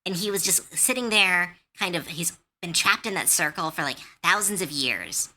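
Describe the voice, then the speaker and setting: A woman's voice: fairly low pitch, moderate pace. A woman streamer casually chatting on a live stream, telling rambling game-master stories with lots of fillers. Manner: rambling storytelling, animated, many fillers.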